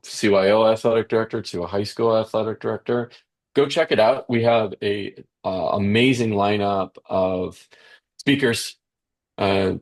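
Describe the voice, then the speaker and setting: A man co-hosting a podcast who plugs projects and backs up his partner with quick agreements. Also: lowish voice. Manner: affirming, many quick agreements. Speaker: podcast co-host. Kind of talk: casual podcast chat.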